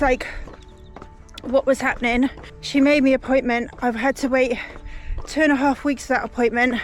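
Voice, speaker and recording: Woman, high-pitched, running vlog, outdoors, phone mic, faint background music. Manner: upset, tearful, rambling. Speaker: running vlogger. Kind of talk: self-filmed vlog on a run. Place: outdoors on a humid run.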